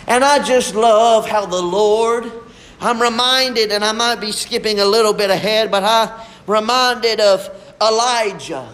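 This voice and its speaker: Casting: young male preacher, high voice, fervent and unhurried delivery. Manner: fervent, drawn-out preaching with shifts between soft and emphatic. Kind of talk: sermon.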